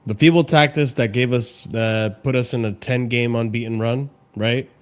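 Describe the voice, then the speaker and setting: A man's voice: medium pitch, steady tone, moderate pace. Sarcastic man ranting on a stream. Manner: mocking, profane, swings from muttering to shouting. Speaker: streamer reacting to videos. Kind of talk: casual reaction stream. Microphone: desk microphone, clipping when loud.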